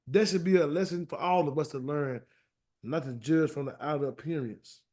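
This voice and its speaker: A man leading a weekly scripture word study and prayer, animated and colloquial, often repeating words as he searches for them. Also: a little high, normal speed. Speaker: Bible study teacher. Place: meeting room streamed live.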